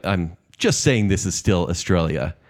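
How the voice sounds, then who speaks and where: A man co-hosting a casual podcast chat, explaining things in a relaxed way. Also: sits low, a little slow. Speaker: podcast co-host.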